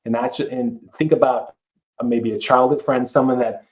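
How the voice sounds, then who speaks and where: A man's voice: mid-range voice, fairly even intonation, brisk, darkish tone, low-quality recording. Earnest middle-aged male life coach. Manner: earnest, emphatic, with many restarts. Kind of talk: podcast interview.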